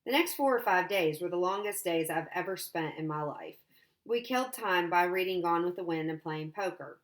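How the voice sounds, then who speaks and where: A woman teacher reading a novel aloud to her class. Her reading is steady and plain, and her voice sits a little low. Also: normal speed.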